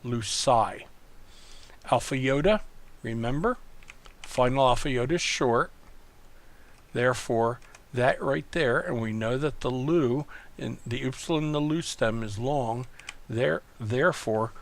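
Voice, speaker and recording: A man's voice: medium pitch, unhurried. A man tutoring in a recorded online lesson, explaining patiently and methodically, often repeating words. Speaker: Greek tutor.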